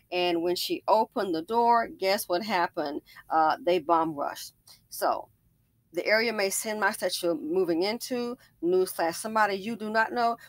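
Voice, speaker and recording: A woman's voice: mid-range voice, no room sound. A woman hosting a casual commentary video, telling stories emphatically and often digressing. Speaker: commentary channel host.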